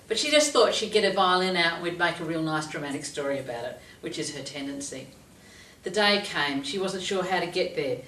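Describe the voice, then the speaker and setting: A woman working as a life coach, telling a story to camera in a lively, expressive way. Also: lowish voice, brisk. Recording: roomy echo, voice from a distance.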